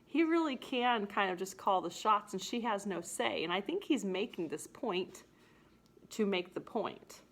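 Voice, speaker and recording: A chatty woman teacher walking through a play scene by scene. She paraphrases the characters in animated, casual voices, at a middling pitch. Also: a little slow. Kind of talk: casual explanatory lesson.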